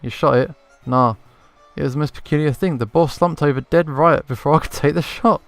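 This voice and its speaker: A man's voice: a little high, a little fast, faint music behind, lightly acted. A man voicing a boastful, self-assured male hunter telling a story in a video game.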